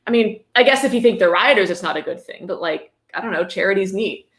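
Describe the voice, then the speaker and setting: A woman reads a book aloud on a stream and keeps stopping to mock it with dry sarcasm. Her pitch is middling, and the room around her is echoey. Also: lively intonation, fast, fairly bright tone. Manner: sarcastic, mocking asides. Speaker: livestreamer reading a book aloud. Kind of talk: sarcastic dramatic reading with commentary. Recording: roomy echo.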